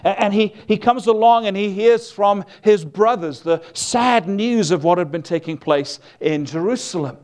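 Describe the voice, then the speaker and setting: A man preaching a sermon, his voice sitting a little above the usual male pitch. He talks to the congregation in a loose, conversational way, telling homely stories with a humorous edge. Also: normal speed, hardly any pauses, darkish tone.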